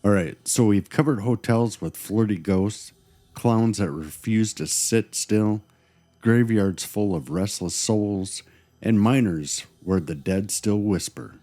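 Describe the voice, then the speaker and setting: Deep-voiced man teasing spooky tales. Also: slow pace, warm tone. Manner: dramatic, teasing storyteller. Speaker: podcast co-host. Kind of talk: scripted paranormal podcast chat.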